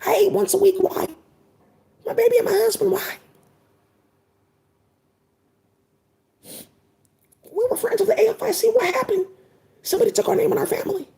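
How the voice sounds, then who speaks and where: A woman voicing a distraught, wronged wife from long ago who keeps asking why, in a much higher voice than her own. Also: steady tone, fast talker, creaky, warm tone, full character voice. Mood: aggrieved. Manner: pleading, asks why again and again.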